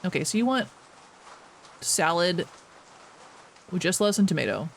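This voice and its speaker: A young man livestreaming a game and chatting easily with viewers. His voice sits high and bounces around a lot, chatty and self-mocking, with faint background sound behind him. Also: big pitch swings, normal speed, creaky, slight background noise. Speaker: streamer. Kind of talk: casual gameplay chat.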